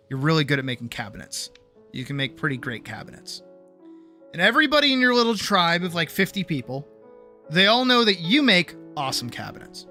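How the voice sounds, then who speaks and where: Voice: medium pitch, pushed and bright. A streamer chatting with viewers in a rambling, profane way, breaking off mid-sentence and laughing often. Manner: rambling, profane, self-interrupting. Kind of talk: casual chat with viewers. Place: home streaming setup.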